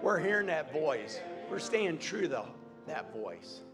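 A man's voice: on the high side, big pitch swings, takes it slowly, over music. A man preaching a sermon, repeating phrases emphatically and building to fervent cries. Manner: preaching with rising fervor, repetitive emphatic phrasing.

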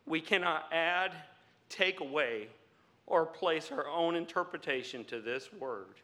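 A man preaching a sermon, laughing often and building up to loud exclamations. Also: fairly high pitch, animated, unhurried. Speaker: pastor.

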